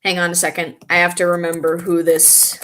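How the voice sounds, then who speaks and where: Brisk and monotone, a young woman with a fairly low, fairly bright voice goes through comments in a casual vlog. She rambles along and sometimes stops to recall names.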